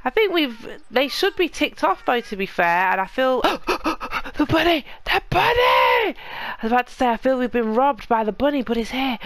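A woman's voice: on the high side, expressive, a little fast, few pauses, no echo. A woman hosting a let's play, chatting casually to the characters in her game as she plays. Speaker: gaming channel host.

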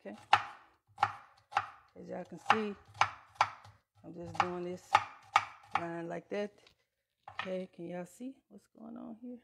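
A woman's voice: fairly low pitch, fairly even intonation, slow pace, vocal fry, pauses often. Chatty woman cooking live. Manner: chatty, addresses viewers as y'all, Southern US Black vernacular. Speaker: home cook livestreaming. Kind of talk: casual cooking livestream. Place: home kitchen. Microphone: lapel mic. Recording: loud background noise, kitchen clatter.

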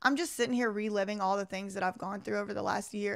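A woman hosting a live reaction stream, reading an article aloud and commenting in an animated, exasperated way straight to her viewers. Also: mid-range voice, quick pace, gravelly, hardly any pauses.

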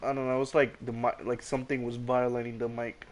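A man chatting casually with a friend while streaming a game, excitable and crude, repeating words in quick bursts. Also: medium pitch, a little hiss or hum. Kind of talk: casual gaming chat with a friend.

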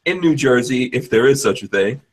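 A man hosts a live podcast with a loose, joking manner, filling his talk with fillers and quick asides. His voice is mid-pitched and plain, and it comes through a video call. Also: expressive. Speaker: podcast host. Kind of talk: casual chat.

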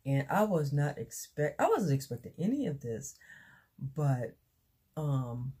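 A woman chatting excitedly in a casual unboxing vlog, recorded on a phone camera, halting with fillers. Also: deep voice, slightly rough. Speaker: beauty vlogger.

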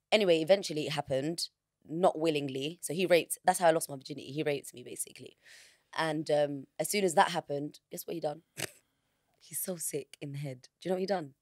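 A woman's voice: low voice, fairly quick, no room sound, studio quality. A woman, a podcast guest telling a personal story candidly in frank, slangy words. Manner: frank, slangy, vivid retelling.

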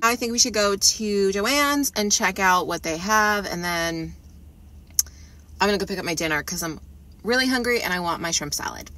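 A woman filming a casual shopping vlog. She talks from her car, then murmurs half-whispered comments as she browses a quiet store. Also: mid-range voice, animated, moderate pace. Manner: chatty, gushing over cute finds. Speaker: shopping vlogger.

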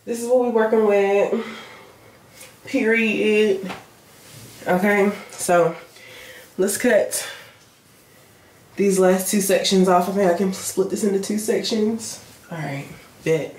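A woman's voice: medium pitch, slow, pauses often, a little mellow, echoey room, slight background noise. A young woman, chatting casually and playfully in a self-filmed vlog, swearing freely. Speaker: vlogger.

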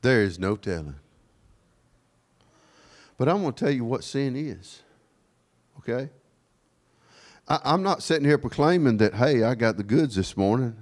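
A man preaching a sermon in a church, sprinkling his talk with amen and praise God, swinging from quiet asides to raised, ringing declarations. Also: medium pitch, sing-song, a little slow, pauses often. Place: church sanctuary.

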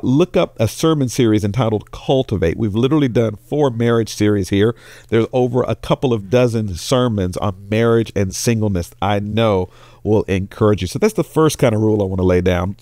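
A man's voice: fairly quick, no room sound. A male pastor giving a sermon, telling jokes and storytelling with big jumps in his voice. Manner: animated storytelling, voice jumps high for characters.

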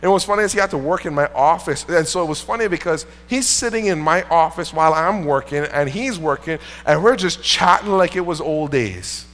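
A man with a somewhat high voice delivers a sermon as a pastor. He tells a personal story in an earnest, conversational way. The sound rings with the long reverb of a church hall. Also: brisk, hardly any pauses, a bit bright. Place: church sanctuary.

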